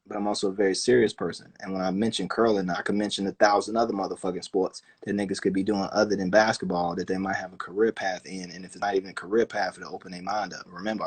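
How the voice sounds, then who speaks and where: A man talking casually on a phone livestream, animated and profane, acting out other people's voices as he goes. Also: lowish voice, husky. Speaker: livestream host.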